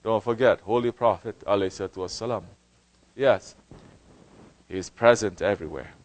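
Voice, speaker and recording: A man's voice: fairly low pitch, normal speed, low-quality recording. Impassioned male Sufi teacher preaching. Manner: impassioned, swinging from loud to hushed; rhetorical questions and repetition. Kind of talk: sermon.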